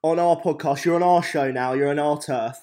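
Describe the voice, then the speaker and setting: A man's voice: fairly high pitch, fairly even intonation, a little fast, mellow. A man with a Welsh accent hosting a podcast, teasing his guest and laughing often. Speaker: podcast host. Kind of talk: casual podcast chat.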